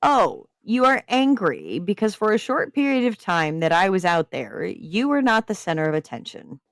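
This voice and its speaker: A woman's voice: mid-range voice, big pitch swings, normal speed, no room sound, studio quality, pitched above the performer's own voice. A woman reading aloud as a defiant young woman who answers her mother in mock innocence. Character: defiant sarcastic young woman, rebellious daughter.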